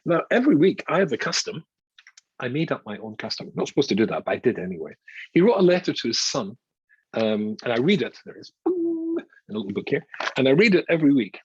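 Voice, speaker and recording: A man's voice: mid-range voice, wildly swooping pitch, quick pace, darkish tone, breathy edge, no room sound, highs cut off. An older man from Scotland, a rabbi giving an informal, chatty Torah lecture with wry self-mocking asides.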